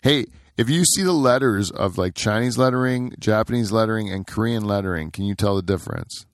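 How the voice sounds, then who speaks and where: A man's voice: fairly low pitch, fairly quick, no echo, studio quality. A middle-aged man co-hosting a podcast in casual chat, rambling with lots of fillers and frequent laughs. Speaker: podcast co-host.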